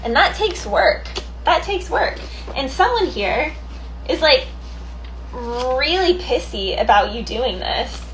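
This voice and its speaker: A woman's voice: sits high, sing-song, slow pace, fairly bright tone, a little hiss or hum, low-quality recording. A woman doing a casual tarot card reading, chatty, thinking aloud and laughing easily. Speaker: tarot reader.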